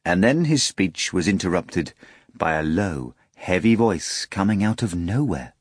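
A man reading a novel aloud as an audiobook narrator, expressive and ready to switch into character voices. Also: deep voice, a little slow, breathy edge, dry recording, clean studio sound. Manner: expressive storytelling with many voices.

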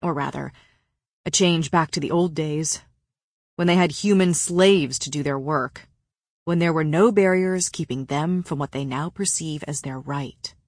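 A woman's voice: low voice, a little slow, no echo, studio quality. A woman voicing a grim, grave male fae lord. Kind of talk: audiobook character voice.

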